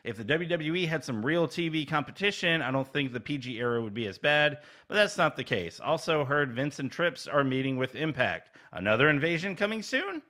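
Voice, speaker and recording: Lively bright-voiced male podcast host. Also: a little high, brisk, few pauses. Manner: animated storyteller acting out quotes, laughing. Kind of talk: casual chat, retelling stories.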